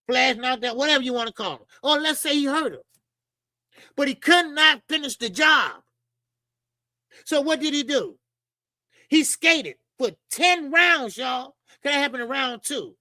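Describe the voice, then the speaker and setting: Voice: high voice, sharp tone, dry recording. A boxing channel host giving blunt, profane opinions straight to viewers, often repeating lines for emphasis.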